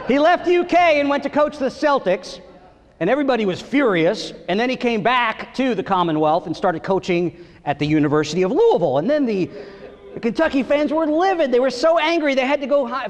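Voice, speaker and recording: A middle-aged man from New York and Florida works a live theater crowd with an animated stand-up set. His voice sits high and bounces through a wide range. The hall gives it a long reverb with faint room ambience underneath. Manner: animated, does quick gangster and Southern voices mid-joke. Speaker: stand-up comedian. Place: large historic theater stage with audience.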